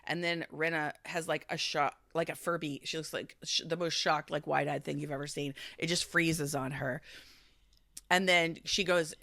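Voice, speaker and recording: Low-voiced woman recapping with lively impressions. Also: moderate pace, no echo. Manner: animated storytelling, acting out quotes. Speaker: podcast co-host recapping a reality show. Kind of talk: casual chat.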